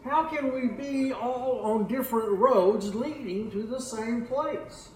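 A man's voice: extremely high pitch, slow, darkish tone. A man preaching a sermon, often repeating his words and asking the congregation questions. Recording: echoey room, faint background noise.

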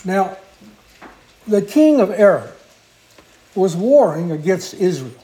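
A male preacher tells a story from the pulpit in a fairly high voice with a soft, mellow tone. He speaks earnestly and without hurry, and now and then stops to correct himself. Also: sing-song, poor audio. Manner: earnest, unhurried storytelling with small restarts. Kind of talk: sermon storytelling.

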